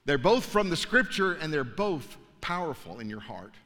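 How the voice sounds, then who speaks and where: A man preaching a sermon, telling a story with animated energy and stumbling repeats. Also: fairly high pitch, normal speed, faint music behind. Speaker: pastor. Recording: long hall reverb.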